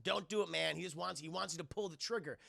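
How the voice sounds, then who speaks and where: A man voicing a brash, hotheaded male cop who talks loudly and urgently. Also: high-pitched, fast talker, gravelly, full character voice.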